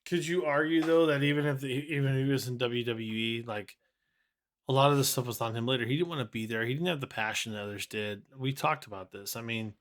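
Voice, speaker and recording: A man's voice: medium pitch, fairly even intonation, fast. A man co-hosting a casual podcast chat, laid-back and rambling, filling his lines with "like". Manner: laid-back, says "like" often. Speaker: podcast co-host.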